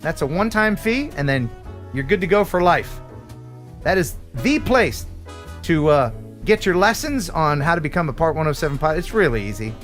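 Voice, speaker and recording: Man, American accent, high voice, stream host, jokey chat, faint music behind. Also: moderate pace. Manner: animated, punning, jokey delivery. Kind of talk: live stream chat with jokes and sponsor reads.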